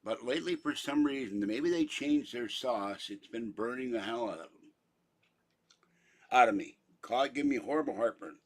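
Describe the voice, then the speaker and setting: A man's voice: medium pitch, animated, normal speed. An older man from Pittsburgh, talking in a rambling, chatty monologue full of theatrical asides. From Pittsburgh, Pennsylvania. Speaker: vlogger.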